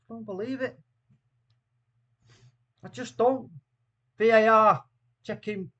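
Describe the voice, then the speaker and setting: A man with a high-pitched voice hosts a live football watchalong stream. He greets his chat by name in easy slang and lurches between shouted disbelief and flat, tired muttering. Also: extremely slow, pauses often, dull audio. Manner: swings from shouting disbelief to low, weary muttering. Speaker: host of a fan watchalong stream.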